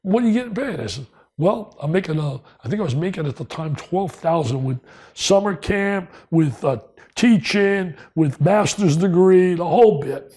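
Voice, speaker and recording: An older man from New Jersey, telling stories as a guest in an interview, excitable and emphatic, repeating lines for punch. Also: high-pitched, normal speed. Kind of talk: storytelling interview.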